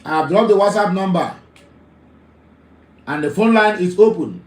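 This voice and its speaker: A man's voice: sits high, normal speed, reverberant, poor audio. A Nigerian man hosting a live call-in talk show, emphatic, often repeating his phrases.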